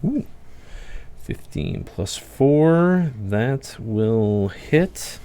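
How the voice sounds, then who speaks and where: A man's voice: medium pitch, very animated, drawn-out words, mellow, clean tone. A man running a tabletop game as its game master, narrating combat and dice rolls in an easy, chuckling way.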